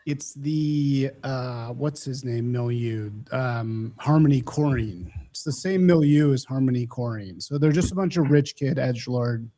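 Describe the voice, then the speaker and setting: A man's voice: medium pitch, measured pace, hardly any pauses, mellow. A man on a podcast, talking in a sardonic, rambling way. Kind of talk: casual podcast chat.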